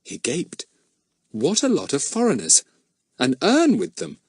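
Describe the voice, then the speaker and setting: A man narrating a children's storybook in an expressive storytelling manner. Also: on the high side, measured pace, creaky, breathy edge, dry recording, clean studio sound. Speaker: audiobook narrator. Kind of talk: scripted narration.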